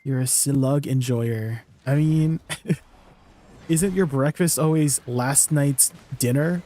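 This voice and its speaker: During a live gaming stream, a young man from Canada with a Canadian English accent talks casually and playfully with viewers and asks them things. His mid-range voice is slow and dark in tone.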